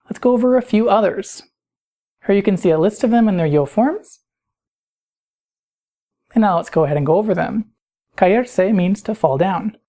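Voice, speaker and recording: A woman's voice: lowish voice, dark tone. A woman teaching a recorded grammar lesson, patient and explanatory, often putting questions to the listener. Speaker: Spanish teacher.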